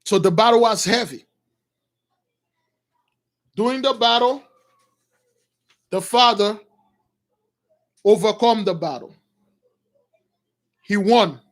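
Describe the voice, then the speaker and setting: High-voiced man preaching emphatically. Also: slow, pauses often. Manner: emphatic, addresses listeners as brothers. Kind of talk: sermon storytelling.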